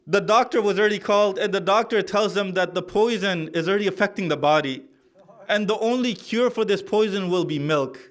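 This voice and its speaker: Brief: high-voiced man, bright and clear, delivering a mourning sermon, pleading and building to loud lament. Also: a little fast. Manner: rising to a loud, tearful, pleading recital. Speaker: speaker narrating a martyrdom account. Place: mosque hall.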